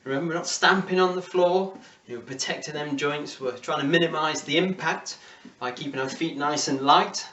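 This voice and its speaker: A man's voice: a little high, normal speed, hardly any pauses, a bit bright, reverberant, recorded from a distance, highs cut off, a little hiss or hum. A man with an English accent leading a home workout class, encouraging and counting down reps. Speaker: fitness instructor.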